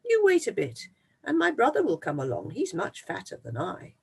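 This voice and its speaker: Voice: wildly swooping pitch, normal speed, gravelly, breathy edge, far from the mic, exaggerated voice. A tiny, timid billy goat, put on by a storyteller. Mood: pleading. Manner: pleading, high and small. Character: small thin timid young billy goat. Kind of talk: storybook read-aloud.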